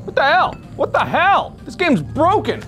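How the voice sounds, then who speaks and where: A man in his thirties, a gaming YouTuber doing let's play commentary, animated and yelping as he plays in VR, winded from moving. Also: very high voice, measured pace, over loud music. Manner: animated, yelps and jokes while playing VR.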